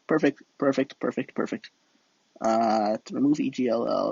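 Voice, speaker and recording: Rambling husky young gamer guy. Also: mid-range voice, lively intonation, a little fast, a little mellow, no room sound, highs cut off. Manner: rambling, hesitant, lots of fillers and restarts. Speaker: livestream gamer. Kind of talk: casual live-stream chat and storytelling.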